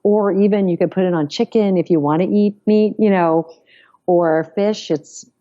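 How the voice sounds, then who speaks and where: A woman's voice: medium pitch, moderate pace, highs cut off, crowd noise. A woman podcast guest talking casually and enthusiastically, praising things emphatically. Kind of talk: casual conversation.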